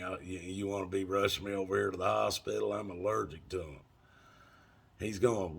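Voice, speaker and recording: A low, gravelly man with a husky edge, talking in a thick drawl. He spins long, rambling, folksy stories full of cussing and filler words, straight to his viewers. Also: steady tone, normal speed. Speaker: vlogger. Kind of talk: casual storytelling.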